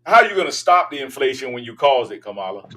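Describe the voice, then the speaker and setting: An older man rants emphatically as he hosts his talk show, his voice bright and pushed. He sounds set back from a distant microphone. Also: mid-range voice, sing-song, quick pace. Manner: emphatic, ranting, preachy. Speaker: political talk show host. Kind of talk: opinionated monologue.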